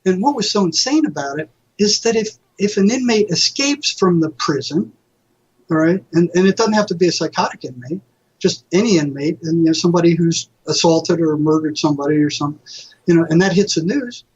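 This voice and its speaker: A man, a mental health counselor, telling lively anecdotes as a guest in an interview and acting out what others said. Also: on the high side, fairly quick, husky. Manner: animated anecdotes, acting out quoted people. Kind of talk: conversational storytelling. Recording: dull lo-fi audio.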